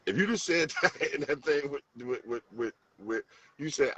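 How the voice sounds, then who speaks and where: A man's voice: a little high, expressive, moderate pace, vocal fry. A man with a St. Louis accent in a casual debate, talking animatedly, repeating phrases and acting out quotes. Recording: distant mic, dull sound, faint room noise.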